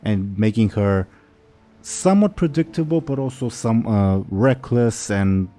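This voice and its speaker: Man, game master, low voice, mellow tone, faint music behind. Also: expressive, unhurried. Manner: explains rules and voices orcs in quoted lines. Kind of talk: narrating a tabletop game.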